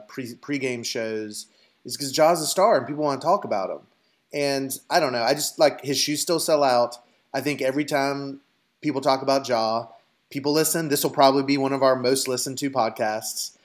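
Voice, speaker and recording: Male co-host, mid pitch, rambling and musing, casual podcast chat. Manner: thinks aloud with many fillers and restarts.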